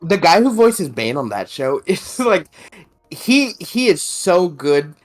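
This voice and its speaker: Taking things slowly, this podcast co-host speaks at medium pitch with big swings up and down. The chat is casual, loose and profane, and the giggles keep breaking in between words.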